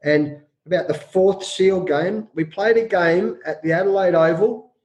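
A middle-aged Australian man, a cricket coach and author, telling a story in an interview and acting out shouted quotes with rapid repetitions. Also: high voice, echoey room.

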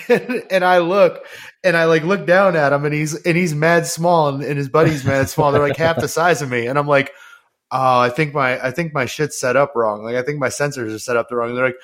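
A man's voice: on the high side, fairly even intonation, fairly quick, a bit bright. A young man hosting a podcast in casual chat, telling stories in profane slang, laughing and acting out other people's voices. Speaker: podcast host. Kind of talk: casual chat, animated storytelling.

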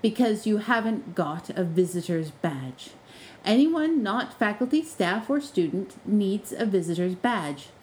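A woman's voice: medium pitch, a little slow, slight background noise, poor audio. A woman voicing a male house spirit working as a college porter, formal and dryly polite. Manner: formal, deadpan, sly.

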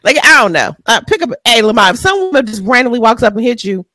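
A woman's voice: a little high, big pitch swings, quick pace, sharp tone. A woman, co-hosting a podcast, ranting bluntly and with profanity in casual chat. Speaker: podcast co-host.

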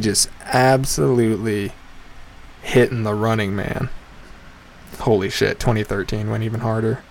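A young man hosting a show, with a low, gravelly voice and an unhurried, drawn-out delivery. He rambles through crude, profane jokes and suddenly jumps way up in pitch to punch a line. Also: a little mellow. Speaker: podcast host. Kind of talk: casual comedic monologue.

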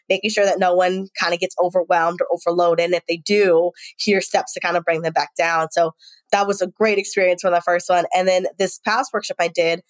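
A woman in her thirties, a dance practitioner, talking as a guest in a casual interview and telling stories in an animated way. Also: medium pitch, no echo. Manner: animated storyteller, quick with laughs and voices.

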